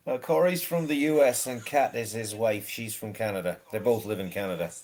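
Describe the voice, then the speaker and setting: A British man chats on a live stream, agreeable and hesitant, often stalling with fillers and restarts. His voice sits at an ordinary middle pitch. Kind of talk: casual chat.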